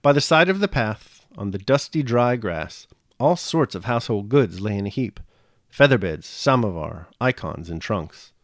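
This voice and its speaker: A man reading a classic novel aloud in a measured, even way. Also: fairly low pitch, dry recording, studio quality. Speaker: audiobook reader.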